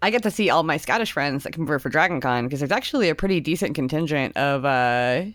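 Chatty woman with a low voice. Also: expressive, quick pace, dry recording. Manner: chatty, laughs often, acts out quotes. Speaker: podcast co-host. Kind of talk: casual chat.

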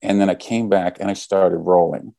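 A man's voice: low voice, steady tone, normal speed, creaky, warm tone, no echo. A man casually telling a story, acting out the quoted lines as he goes.

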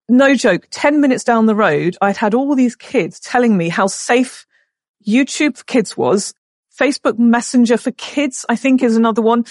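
A woman's voice: on the high side, normal speed, no echo, clean studio sound. A middle-aged woman, a podcast guest who tells a story and acts out the voices in it. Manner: animated, acts out the voices in her stories.

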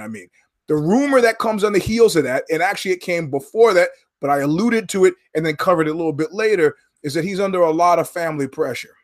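A man hosting his own podcast, talking alone in a rambling, sardonic, profane way and drifting from one story to the next. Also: a little high. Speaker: podcast host. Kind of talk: rambling solo commentary.

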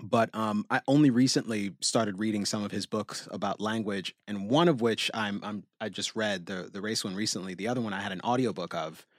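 A man with a low voice chats on a podcast, reflective and halting, full of ums and restarts. The sound is close and dry, with no room around it. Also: no echo. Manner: reflective, hesitant with many fillers. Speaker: podcast co-host. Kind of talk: casual chat.

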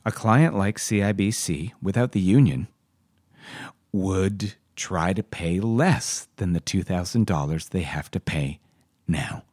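A man's voice: deep voice, animated, takes it slowly, a little mellow, husky, dry recording, clean studio sound. A man hosting a podcast, giving passionate, opinionated advice to listeners. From Canada. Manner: passionate, ranting, emphatic. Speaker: podcast host answering listener questions.

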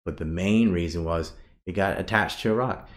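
A man talking in a casual podcast conversation, animated and profane, breaking into loud outraged bursts. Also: low-pitched, moderate pace. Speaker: podcast guest.

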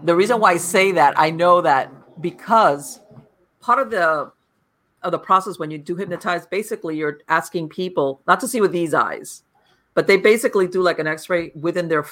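A woman's voice: lowish voice, normal speed, fairly bright tone. A woman hosting an interview podcast, explaining hypnosis sessions and checking in with "okay?". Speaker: podcast host.

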